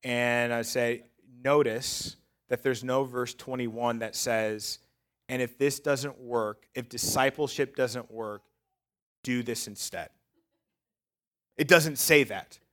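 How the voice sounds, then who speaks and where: A man's voice: medium pitch, fairly even intonation, slow. Conversational man preaching a sermon. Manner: conversational preaching, builds to loud emphatic peaks; self-described sarcastic. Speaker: pastor.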